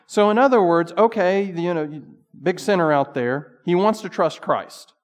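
A man's voice: high-pitched, unhurried, in a large hall. A male pastor giving a casual, conversational sermon with bursts of emphasis.

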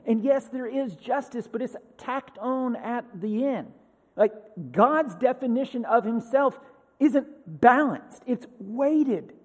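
Earnest high-voiced male preacher in a hall. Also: expressive, unhurried. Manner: earnest, swings from loud emphasis to hushed near-whisper. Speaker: pastor. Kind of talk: sermon. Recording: long hall reverb.

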